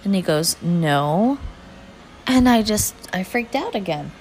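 A woman candidly recounting a frustrating day, swearing now and then and pausing with fillers and restarts. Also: medium pitch, expressive, slight background noise, poor audio. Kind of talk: personal storytime vlog.

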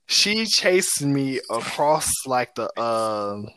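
A young man telling a story in casual chat, animated, and acting out the people he quotes. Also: mid-range voice, extremely slow, clear, resonant tone, no room sound.

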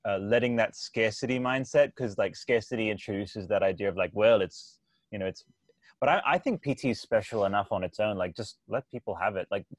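A man's voice: lowish voice, fairly quick, no echo. A man hosting a podcast who talks in a loose, rambling way, with frequent restarts and casual swearing. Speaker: podcast host. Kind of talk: casual chat.

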